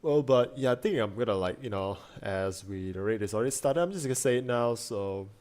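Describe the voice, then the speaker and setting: A man's voice: medium pitch, expressive, brisk, a little mellow. A young man chatting casually with his stream chat, rambling with lots of fillers and restarts. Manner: rambling, many fillers and restarts, frequent laughs.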